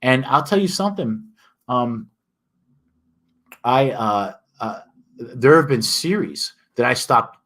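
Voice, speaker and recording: A man's voice: mid-range voice, lively intonation, slow, long pauses, a bit bright. An older man with a Northern US accent, talking emphatically in a casual ranting monologue as an author hosting a livestream. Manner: emphatic, ranting, frequent restarts and fillers.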